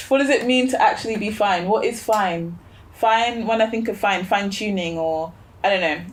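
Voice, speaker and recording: A woman's voice: mid-range voice, measured pace. Reflective woman guest musing aloud. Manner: reflective, thinks aloud with fillers and rhetorical questions. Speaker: podcast guest. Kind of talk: casual chat.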